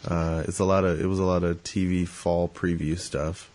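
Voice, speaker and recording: A man's voice: low voice, flat delivery, moderate pace, background noise. A man hosting a podcast in casual chat, rambling and joking with lots of fillers and restarts. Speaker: podcast host.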